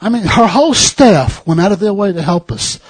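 A middle-aged man with a husky, slightly raised voice preaches to his congregation. He tells a personal travel story in an easy, anecdotal way, then presses his point home with fervent repeated questions. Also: sits high, very animated, normal speed. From United States. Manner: anecdotal, rising to fervent exhortation. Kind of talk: storytelling sermon.

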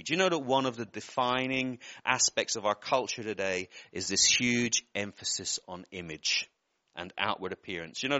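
A man's voice: lowish voice, sharp tone, no room sound, muffled recording. A man preaching a sermon, giving earnest personal words to people in the congregation and often breaking off with apologetic asides.

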